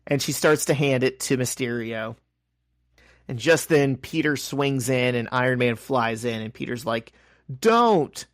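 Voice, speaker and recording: A man's voice: mid-range voice, normal speed, no echo, clean studio sound. A man co-hosting a podcast, casually recapping a comic and acting out the characters' lines. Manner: animated retelling, acting out quotes. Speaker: podcast co-host.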